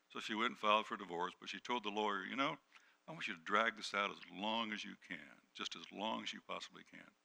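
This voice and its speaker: A middle-aged male pastor preaching a sermon, dropping to hushed tones and then rising to loud, emphatic peaks. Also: fairly low pitch, fast, gravelly. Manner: dynamic preaching, swings from hushed to shouting.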